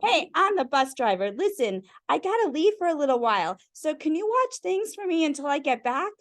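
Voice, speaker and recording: A woman's voice: high-pitched, sing-song, fairly quick, no room sound, voice pushed up. Storybook bus driver in a rush, read by a woman, dry close voice. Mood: brisk. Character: hurried adult bus driver giving instructions.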